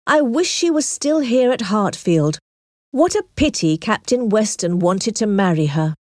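A woman voicing a fretful, fussy elderly gentleman who sighs slowly through his lines. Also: medium pitch, lively intonation, dry recording, studio quality, natural voice. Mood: plaintive. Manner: slow sighing delivery.

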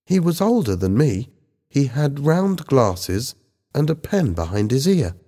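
A man doing a shy young schoolboy, hesitant, high voice, storybook reading. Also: sing-song, measured pace, mellow, in a large hall.

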